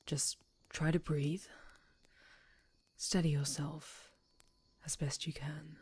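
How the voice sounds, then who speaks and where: A strong, possessive orc warrior woman, played by a woman in whispered role-play. She speaks low and unhurried, sliding into breathy whispers. A faint hiss of noise sits behind her. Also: level tone, darkish tone. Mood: worried, soothing. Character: powerful female orc warrior, tender and possessive. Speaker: ASMR storyteller.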